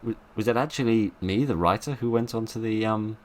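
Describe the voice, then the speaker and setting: A man's voice: lowish voice, fairly quick. A man giving playful, wry let's play commentary with rambling asides as he plays a horror game. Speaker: gaming video host.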